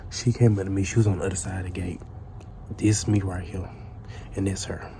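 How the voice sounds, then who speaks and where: A man's voice: low-pitched, flat delivery, brisk, vocal fry, background noise. A man telling a casual storytime tale in a profane, rambling way, full of restarts.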